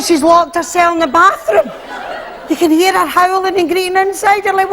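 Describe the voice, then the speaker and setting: A Scottish woman performing live stand-up comedy, animated and acting out voices as she tells her routine. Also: extremely high pitch, moderate pace, a faint crowd. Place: stage before a live audience. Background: audience laughter.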